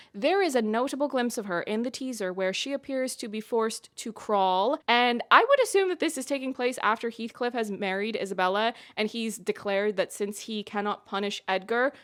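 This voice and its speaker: A woman's voice: on the high side, fairly bright tone. Articulate, opinionated woman vlogger. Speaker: book and film vlogger. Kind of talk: opinionated commentary.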